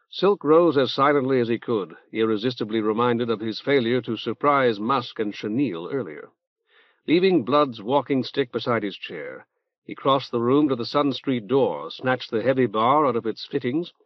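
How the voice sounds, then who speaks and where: A man reading an audiobook in a plain, measured narration style. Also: mid-range voice, dry recording. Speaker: audiobook reader. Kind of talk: scripted narration. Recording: dull dry tape transfer.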